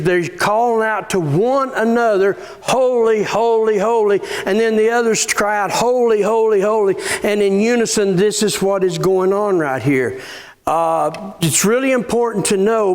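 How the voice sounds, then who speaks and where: A male pastor preaching a sermon in church, reading scripture aloud and often restarting and repeating words. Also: high-pitched.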